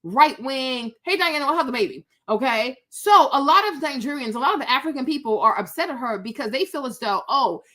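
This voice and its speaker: A woman's voice: high voice, animated, fairly quick, hardly any pauses, a bit bright. A woman hosting a casual commentary talk, emphatic, repeating her points and checking in with "right?" and "okay?". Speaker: channel host.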